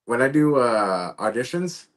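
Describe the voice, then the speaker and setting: A man's voice: medium pitch, sing-song, measured pace. A man in casual chat, an actor sharing his own audition stories in an easygoing way and chuckling along.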